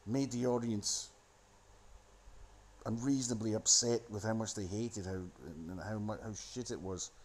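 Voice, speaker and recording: A man's voice: on the low side, steady tone, a little slow, slight background noise. A man rambling into a phone, giving a sardonic, profane running commentary on a film. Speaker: solo commentator.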